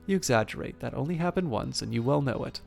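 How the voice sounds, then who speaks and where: A man voicing a gentle adult woman who speaks calmly and chides her husband mildly. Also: medium pitch, fast, vocal fry, faint music behind.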